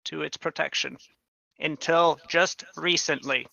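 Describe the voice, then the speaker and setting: Weary, solemn old witch, voiced by a man, slow and gravelly, dry close mic. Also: fairly high pitch, steady tone, pushed and bright, dry recording, muffled recording, exaggerated voice.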